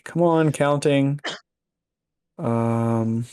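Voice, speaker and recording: Slow, dry-sounding man muttering counts. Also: medium pitch, fairly even intonation, a little mellow, no echo. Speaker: board game player. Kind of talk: casual chat while playing a board game.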